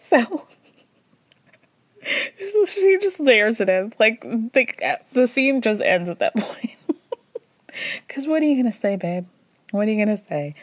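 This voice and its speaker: A woman hosting a podcast, recapping casually in a chatty, animated way and jumping into high mimicking voices. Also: normal speed, dry recording, studio quality. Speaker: podcast host.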